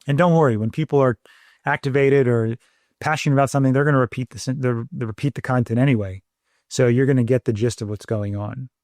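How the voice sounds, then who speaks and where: A man co-hosting a parenting podcast, explaining things in a calm, measured and gentle way, sometimes repeating words as he thinks. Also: medium pitch, no echo, studio quality. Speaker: podcast co-host, parenting doctor.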